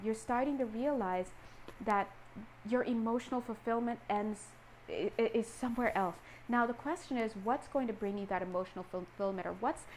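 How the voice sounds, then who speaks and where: Brief: woman tarot reader, lively and chatty, slips into voices for the people she quotes, faint noise behind her. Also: mid-range voice, low-quality recording. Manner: animated, acts out quoted voices. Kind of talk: casual tarot reading.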